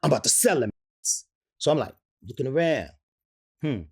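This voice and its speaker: In an interview, this fifty-something rapper spins a long, slangy anecdote, impersonating people as he quotes them. His medium-pitched voice is expressive, a little mellow and husky, moving at a moderate pace.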